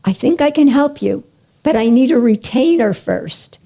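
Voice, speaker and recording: A woman's voice: fairly high pitch, animated, vocal fry, mellow. A woman voicing a curt male lawyer who brushes off a plea for help. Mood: brisk. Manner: brisk and dismissive.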